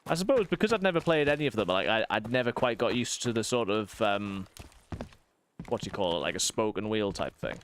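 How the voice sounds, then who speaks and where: A man in his thirties with a softened northeast English accent, chatting casually while streaming a game and rambling through quick asides. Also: fairly low pitch, lively intonation, a little hiss or hum. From northeast England. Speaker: streamer and vicar. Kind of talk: casual gaming stream chat.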